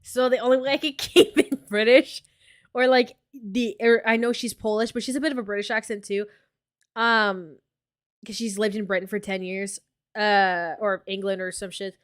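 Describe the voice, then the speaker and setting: A woman hosting a casual reaction commentary, chatty and quick to laugh at herself. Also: medium pitch, fairly even intonation, clean tone. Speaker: commentary channel host.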